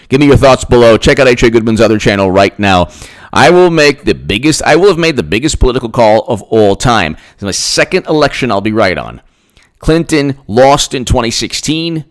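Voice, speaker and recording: A man talks straight to his audience in a loose, rambling political rant, swinging his pitch widely from low grumbles to high mocking squeaks. He is sarcastic, says the same line over and over and laughs at his own jabs. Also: very animated, normal speed. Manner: sarcastic, repeats himself, mocks others in put-on voices. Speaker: political commentary channel host.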